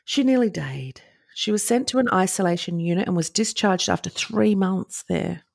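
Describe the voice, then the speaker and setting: A woman's voice: fairly low pitch, normal speed, gravelly, a little mellow. A woman co-hosting a casual podcast, chatting and reading history notes aloud in a chatty, joking way. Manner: chatty, laughs, breaks into jokey voices. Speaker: podcast co-host.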